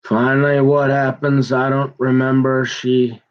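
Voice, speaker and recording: A man telling a long, aggrieved personal story in a rambling monologue, halting and restarting his sentences as he goes. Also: mid-range voice, level tone. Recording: dull muffled lo-fi recording.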